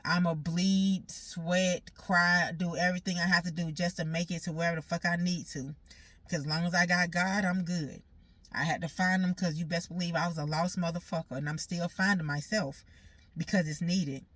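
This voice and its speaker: A woman's voice: lowish voice, fairly even intonation, normal speed, a bit bright, dry recording. A woman giving an emotional personal monologue, talking bluntly with lots of swearing and repeating herself, sounding hurt and aggrieved. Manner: blunt, profane and repetitive.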